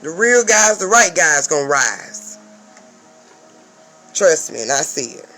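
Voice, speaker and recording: A woman's voice: deep voice, very animated, slow pace, pushed and bright, soft background music, poor audio. A woman speaking as a spiritual advisor in a casual vlog rant. She swears a lot, talks emphatically and keeps checking in with the viewer.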